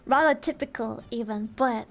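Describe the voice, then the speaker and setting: A woman's voice: a little high, normal speed, a bit bright, soft background music. A woman streamer from Germany with a German accent, chatting casually on a live stream in a playful, giggly, teasing way.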